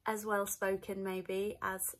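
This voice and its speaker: A woman's voice: medium pitch, completely flat delivery, slow pace, a bit bright. A woman with a Northern English accent chatting casually to camera at home, cheerful and rambling with lots of asides. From north of England. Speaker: vlogger.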